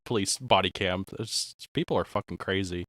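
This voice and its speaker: A man's voice: low voice, normal speed, a bit bright, dry recording, clean studio sound. A man chatting as a guest on a stream who reacts bluntly and swears often. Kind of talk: casual chat.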